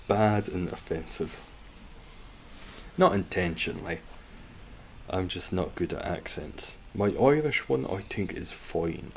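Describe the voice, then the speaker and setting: A man's voice: low voice, slow pace, vocal fry, long pauses, a little hiss or hum. A Scottish man chatting casually while streaming a game, rambling, joking and swearing as he reads out viewers' comments. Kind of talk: casual gaming stream chat.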